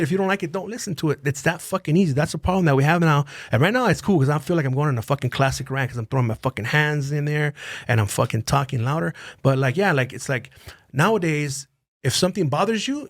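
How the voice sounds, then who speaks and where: A man's voice: fairly high pitch, fast, dry recording, studio quality. A man on a podcast, ranting heatedly, swearing constantly and repeating phrases. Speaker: podcast guest. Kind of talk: casual profane rant. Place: podcast studio.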